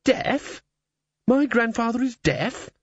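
A man voicing a sharp-tongued, exasperated teenage schoolgirl who speaks indignantly. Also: very high-pitched, big pitch swings, slow, no echo, voice pushed up, full character voice. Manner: indignant and snappish. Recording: slightly dull, dry studio sound.

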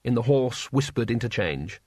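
A man's voice: mid-range voice, lively intonation, moderate pace, a little mellow, slightly rough, no echo, clean studio sound. A man reading fiction aloud, narrating animatedly between character voices. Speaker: audiobook narrator.

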